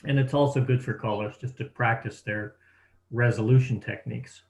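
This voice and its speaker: A man's voice: medium pitch, fairly even intonation, normal speed, vocal fry. A man who is a square dance caller, chatting in a friendly, enthusiastic way on a video call. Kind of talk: casual chat on a video call. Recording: roomy, dull call audio.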